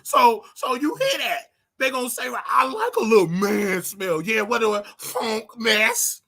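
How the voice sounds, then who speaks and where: A man's voice: very high-pitched, animated, a little slow, creaky, pushed and bright. A man ranting casually on a livestream in a flamboyant, sing-song way, with sudden yelps and laughter. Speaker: online preacher commentator.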